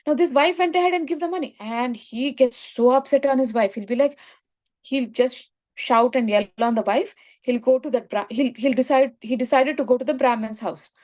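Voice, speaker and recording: A woman's voice: high-pitched, a little mellow. A woman telling a moral story in a spiritual lesson, often checking in with "right?". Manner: explanatory, frequent "right?" checks. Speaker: spiritual teacher.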